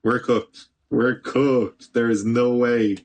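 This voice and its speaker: Slow husky male game streamer. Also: mid-range voice, little pitch movement, darkish tone. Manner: chatty, talks to the game, swears casually. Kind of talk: live gameplay commentary.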